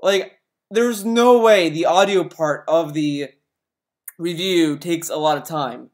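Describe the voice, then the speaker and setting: A man's voice: on the high side, slow pace. A man hosting a casual reaction video, ranting in exasperation and swearing freely. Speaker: video host reacting to a review.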